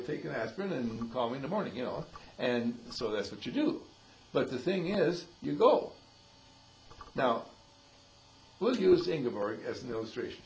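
A man's voice: mid-range voice, vocal fry, a little hiss or hum, poor audio. A man, the dean of a school, giving a folksy inspirational talk, chuckling often and acting out the people he quotes. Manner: chuckling often, animated, acts out quoted voices.

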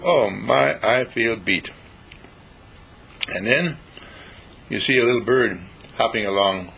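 A man gently telling a story and reciting a poem, in a halting way with restarts. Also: medium pitch, vocal fry, slightly rough, rough recording.

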